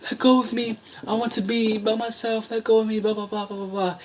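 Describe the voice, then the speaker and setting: A distressed young girl cries out in a high, pleading voice, as a man puts her on during a casual recap. She sounds dismissive and wants to be left alone, and the voice sits well above his usual register. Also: flat delivery, brisk, slight background noise, natural voice. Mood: upset. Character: upset young girl pushing a rescuer away.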